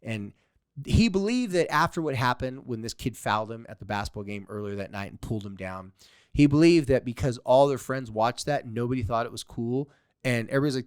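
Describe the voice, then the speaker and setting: A man's voice: medium pitch, lively intonation, quick pace, clean tone, no echo, clean studio sound. A man hosting a podcast as a therapist, telling client stories and acting out quoted comebacks with mock sweetness. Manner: storytelling, acts out quoted exchanges with a mocking sweetness. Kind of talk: solo podcast talk.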